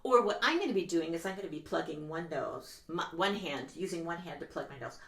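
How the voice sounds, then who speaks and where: A woman's voice: on the low side, lively intonation, brisk. A woman children's musician leading an interactive sing-along, cheerful and teacherly, coaxing the audience to join in. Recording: roomy sound with loud guitar.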